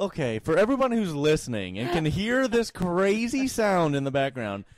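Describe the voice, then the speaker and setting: A man's voice: on the high side, normal speed, no echo. A man hosting a podcast in a small home studio, joking and interrupting in a casual chat. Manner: lively, joking, interrupts often. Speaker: podcast host.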